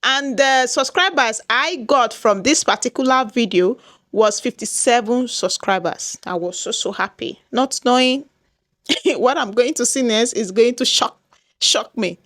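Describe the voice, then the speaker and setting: A woman's voice: fairly high pitch, a little slow, fairly bright tone, dry recording, studio quality. A woman with a Nigerian accent vlogging to her viewers, dramatic and exclaiming, often repeating herself. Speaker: YouTuber. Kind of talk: casual vlog talk to viewers.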